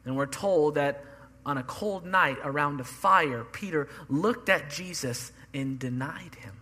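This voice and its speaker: Bright-voiced preacher in a reverberant hall. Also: male voice, on the high side, measured pace. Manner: earnest, builds emphasis through repetition. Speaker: pastor. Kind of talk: sermon.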